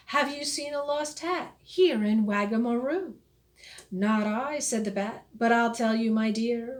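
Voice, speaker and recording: A woman reading a rhyming picture book aloud in a slow, expressive storytelling voice. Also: high voice. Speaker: storybook reader.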